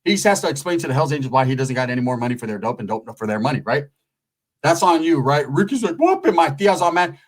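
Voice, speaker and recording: Animated, profane male storyteller. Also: mid-range voice, fast, poor audio. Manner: animated, profane, rambling with "right?" tags.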